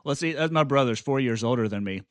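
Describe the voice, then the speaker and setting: A man's voice: medium pitch, lively intonation, fast talker, no echo. A man in his forties co-hosting a podcast, rambling through memories with lots of "you know" and "uh". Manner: rambling, many fillers and restarts. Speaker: podcast co-host. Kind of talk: casual chat.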